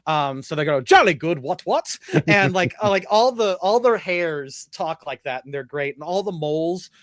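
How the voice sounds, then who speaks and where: A man's voice: fairly high pitch, moderate pace, no echo, studio quality. A man chatting casually and rambling, with many "like"s and restarts. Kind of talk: casual chat.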